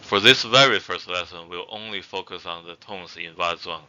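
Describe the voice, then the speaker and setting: Deep, bright-toned man teaching a lesson. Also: moderate pace, muffled recording. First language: not Zhuang. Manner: hesitant, many fillers and restarts. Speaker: language teacher. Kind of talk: casual spoken lesson.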